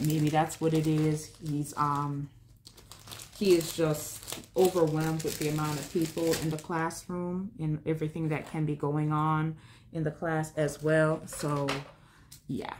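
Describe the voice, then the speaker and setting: A woman with a low-pitched voice hosts a home vlog, chatting casually and candidly as she crafts, rambling and talking to herself while she works. A faint hiss or hum is audible.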